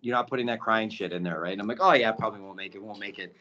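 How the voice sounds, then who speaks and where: A man talking as a podcast guest and documentary producer, telling stories in a casual, animated way and acting out quotes, with many "right?" tags. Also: on the low side, rapid-fire. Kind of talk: casual storytelling. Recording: dull lo-fi audio.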